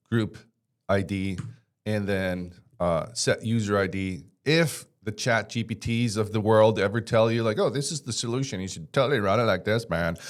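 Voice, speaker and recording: A man teaching a casual screen-share tutorial, chatty and joking, with rambling asides. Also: on the low side. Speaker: tech instructor.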